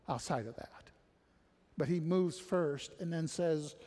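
A man preaches in a long, unhurried sermon, his voice sitting a little high. He drops to hushed, low passages, then climbs into loud, high-pitched exhortation. A long reverb rings around him from the hall.

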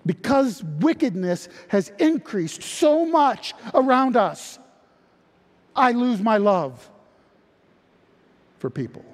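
Male pastor, fervent sermon delivery, unhurried with a slightly high voice, reverberant church hall. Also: big pitch swings. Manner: impassioned, repetitive restarts, rising to near-shouting.

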